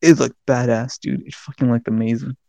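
A man's voice: mid-range voice, steady tone, fairly quick, gravelly, mellow, no room sound. A young man casually telling a story on a podcast, rambling and swearing a lot. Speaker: podcast co-host.

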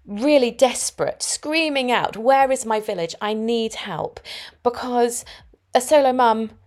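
A woman's voice: medium pitch, vocal fry. A woman hosting her own podcast, telling personal stories in a reflective, anecdotal way from home. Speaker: podcast host. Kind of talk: solo podcast talk.

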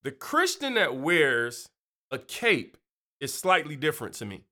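A man giving a casual, chatty talk on faith, animated and conversational. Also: fairly high pitch, a little slow. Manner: animated, chatty, keeps asking "you know". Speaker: Christian speaker.

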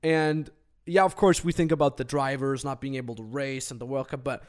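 A man co-hosting a business podcast in casual, energetic chat, with jokey asides. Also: mid-range voice, brisk. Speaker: podcast co-host.

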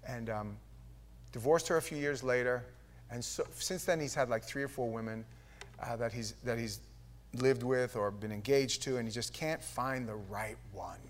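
A man in his fifties from New York, preaching a sermon in a loose, conversational storytelling way that swells into loud, shouted punchlines. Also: mid-range voice, normal speed, a little hiss or hum. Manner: conversational, frequent restarts and fillers.

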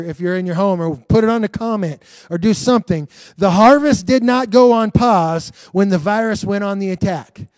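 A man's voice: sits high, darkish tone, dry recording. A man preaching an earnest livestreamed sermon as pastor, repeating phrases and restarting sentences. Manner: earnest, repetitive, restarts often.

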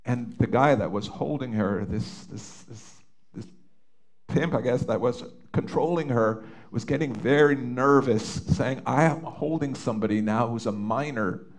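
A middle-aged man from Canada speaks at a mid pitch, telling a personal story in an earnest, heartfelt way. He pauses and restarts often, as if reliving the moments. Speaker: father telling his story. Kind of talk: personal testimony.

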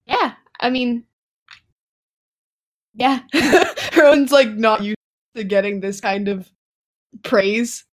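A woman's voice: fairly high pitch, slow pace, pauses often. A woman playing a tabletop game, chatting with lots of fillers and frequent giggles. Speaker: player.

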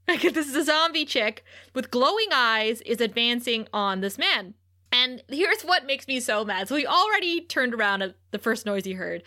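A woman co-hosting a casual podcast, recapping a TV episode with animated retelling and frequent laughter. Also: a little high. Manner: animated, laughs often, acts out quotes. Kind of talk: casual chat.

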